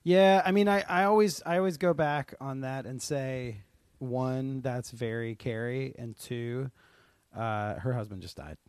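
A man co-hosting a podcast in easygoing casual chat, agreeable and quick to laugh. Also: mid-range voice, steady tone, a little mellow, clean tone, dry recording. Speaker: podcast co-host.

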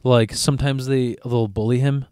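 A man's voice: mid-range voice, steady tone, normal speed, darkish tone, clear, resonant tone, dry recording, studio quality. A man in his thirties talking casually as a podcast co-host, rambling and swearing, with many restarts. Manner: rambling, profane, frequent restarts. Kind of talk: casual chat.

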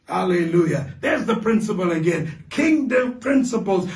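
High-voiced South African preacher in echoey hall. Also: male voice, moderate pace, few pauses, distant mic. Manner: fervent preaching, builds to shouted declarations. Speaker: pastor. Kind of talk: sermon. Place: large church hall. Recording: echoey hall, voice picked up from afar.

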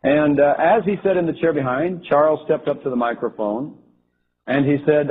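Man, husky, a touch high; halting first-person vision account; phone-quality audio. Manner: halting, with frequent restarts and fillers. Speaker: storyteller recounting a religious vision. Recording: tinny phone-like lo-fi recording.

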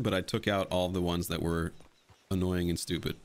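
Low-voiced man, casual blunt commentary. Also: brisk. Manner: casual, blunt, swears freely. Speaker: video creator explaining his fan edit of a film.

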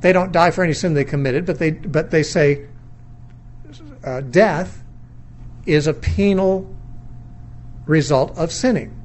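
A middle-aged man teaches a Bible lesson in a sermon lecture, his voice on the high side with a darkish tone, a measured pace and long pauses. He reasons aloud thoughtfully, posing questions, weighing views without dogma, and often restarts his sentences.

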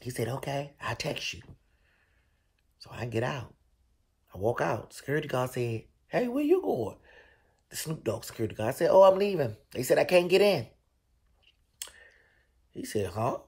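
Brief: DC-male host, husky, gravelly storyteller with big swings in pitch. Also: moderate pace, long pauses. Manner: animated, profane storytelling with loud, high bursts. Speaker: show host. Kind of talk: casual storytelling.

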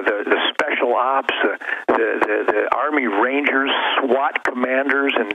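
A man's voice: mid-range voice, bright, forceful tone, highs cut off. A man speaking as a radio show guest, fiery and emphatic, often repeating words as he gets worked up. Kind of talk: impassioned radio interview. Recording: noisy radio broadcast.

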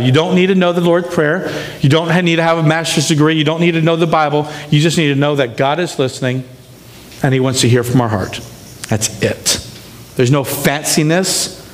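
A man preaching a sermon as pastor, emphatic and often checking in with the congregation. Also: on the high side. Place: church sanctuary. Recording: long hall reverb in a church.

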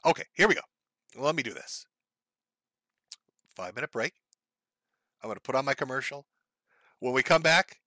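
A man's voice: mid-range voice, expressive, normal speed, pauses often, pushed and bright, no echo. A man hosting a live stream, ranting in profane, sarcastic, mocking commentary. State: sore, says his throat gives out.

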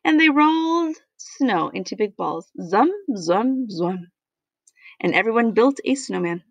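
A woman reading a children's picture book aloud, animated and playful, with sound effects. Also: a little high, moderate pace, gravelly, no echo, lo-fi sound. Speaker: storybook reader.

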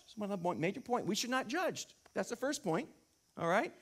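Middle-aged male pastor, high tenor voice, lively sermon delivery, punches key lines. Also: fairly quick. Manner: animated, rising to emphatic peaks, rhetorical questions. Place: church sanctuary.

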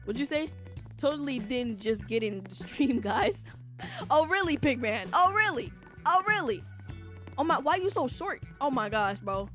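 Female streamer, live gaming commentary; high, bouncy delivery, quick to shriek and laugh. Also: faint music behind. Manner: excitable, shrieks and laughs often.

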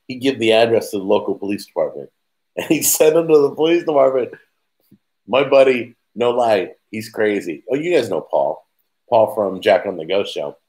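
A middle-aged man hosts a casual live chat and answers his viewers. His voice sits a little low, and he rambles from one story to the next, with quick asides and chuckles at his own jokes. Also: a little mellow, rough recording. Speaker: host.

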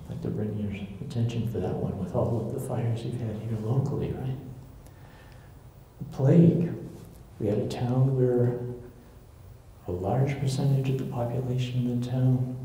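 Dark-voiced man lecturing in an echoey hall. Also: mid-range voice, level tone, moderate pace, long pauses. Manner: retells stories, acting out quoted voices. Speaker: lecturer on church history. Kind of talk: live storytelling lecture. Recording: very echoey room, faint noise.

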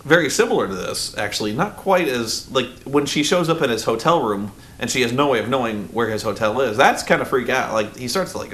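A man in his thirties, still groggy, rambles through a casual vlog at an ordinary middle pitch. He talks in loose bursts, full of fillers and restarts, and jumps into acted-out quotes. A faint low rumble sits behind his voice. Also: animated, brisk, a bit bright. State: groggy, just woken up. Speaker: vlogger reviewing a film.

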